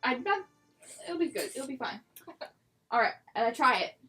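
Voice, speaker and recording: A woman's voice: high voice, very animated, normal speed, bright, forceful tone, faint music behind, poor audio. A woman playing a tabletop game, hesitant and giggly with many ums. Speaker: player. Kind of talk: casual tabletop play.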